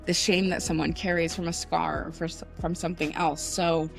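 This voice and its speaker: A woman's voice: on the low side, little pitch movement, moderate pace, creaky, faint music behind. A woman in her forties, a somatic coach, giving a candid, casual motivational pep talk that guides the listener through breathing and swears now and then. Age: 40s.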